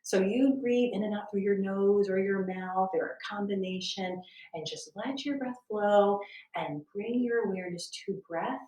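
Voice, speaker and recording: Woman, guided meditation, soft and slow, roomy sound, far from the mic. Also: medium pitch. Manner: slow, soft and soothing, drifting into whispers. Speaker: wellness instructor. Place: at home, landscaper heard outside.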